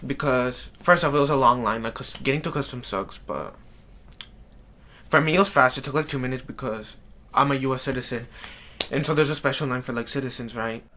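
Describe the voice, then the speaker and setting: A man's voice: medium pitch, brisk, bright, forceful tone, a little hiss or hum. A man telling a rambling storytime vlog, exasperated and full of "like" fillers. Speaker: vlogger. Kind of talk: casual storytime rant.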